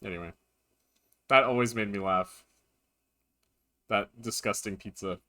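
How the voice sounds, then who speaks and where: Bright-voiced male streamer telling anecdotes. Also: on the low side, unhurried. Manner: rambling, animated anecdotes. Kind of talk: casual live-stream gameplay chat.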